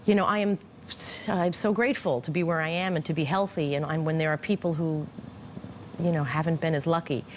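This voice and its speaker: A woman who has been through cancer, speaking candidly and haltingly in an interview, with frequent restarts and fillers. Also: low-pitched, fairly even intonation, a little hiss or hum. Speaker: former cancer patient. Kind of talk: reflective interview.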